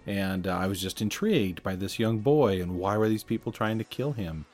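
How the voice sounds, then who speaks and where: A man's voice: on the low side, moderate pace, a little mellow, soft background music. A man hosting a podcast, talking in a reflective, conversational way and chuckling at himself now and then. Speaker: podcast host. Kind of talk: casual chat.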